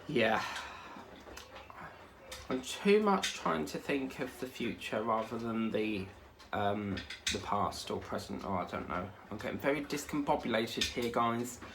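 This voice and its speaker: Male craft vlogger, rambling casual chat, mid pitch. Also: fairly bright tone, slight background noise. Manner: rambling, chatty, easily sidetracked.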